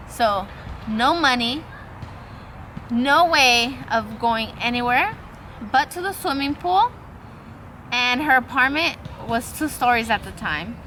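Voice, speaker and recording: A woman's voice: a little high, pushed and bright, slight background noise, low-quality recording. A young woman vlogger telling a long, rambling personal story in a casual way, swearing freely and acting out the lines of the people in it. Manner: acts out quoted dialogue.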